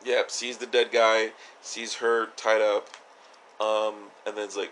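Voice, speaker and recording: With slight background noise behind him, a man speaks slowly and flatly in a fairly low, fairly bright voice. He co-hosts a podcast, casually reviewing a TV episode with jokes, plenty of swearing, and frequent laughs.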